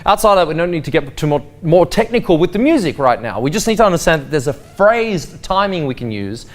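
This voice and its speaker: A male dance teacher gives a spoken waltz lesson, explaining the timing and counting the beats aloud in a sing-song lilt. His voice is fairly high, fast, and swings widely in pitch. Waltz music plays faintly in the background.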